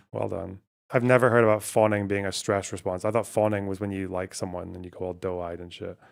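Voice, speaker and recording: A man's voice: on the low side, vocal fry. A man streaming live, thinking aloud as he plays a word puzzle, swearing often and talking to his chat. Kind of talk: casual live-stream talk while playing a word puzzle.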